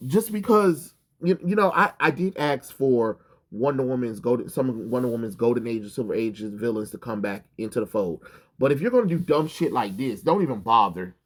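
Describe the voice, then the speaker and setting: A man's voice: mid-range voice, lively intonation, brisk. A man recapping a comic book in a casual vlog, rambling, swearing and full of ums and restarts.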